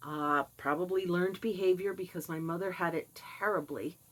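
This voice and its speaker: An older woman telling a personal story in a casual, candid way, with animated asides and laughs. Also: fairly low pitch, normal speed, poor audio. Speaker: vlogger sharing personal experience.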